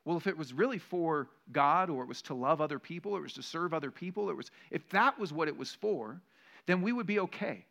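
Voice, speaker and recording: A male pastor delivers a sermon with a bright, forward tone. His voice sits a little high for a man. He tells stories and stacks rhetorical questions, growing louder on the key points. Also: expressive, brisk, vocal fry. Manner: storytelling, varies loudness for emphasis; rhetorical questions, building intensity.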